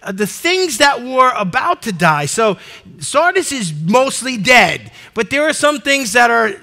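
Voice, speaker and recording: A middle-aged male pastor preaching a fervent sermon to his congregation in a church, breaking into shouted exhortations. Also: very high-pitched, sing-song, a little slow, creaky. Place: church sanctuary before a congregation.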